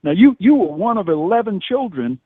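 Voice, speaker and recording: A man hosting a radio interview, speaking haltingly with many fillers. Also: high voice, very animated, breathy edge, no echo. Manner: halting, warm, hesitant with fillers. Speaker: radio host. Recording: tinny phone-like line, dry.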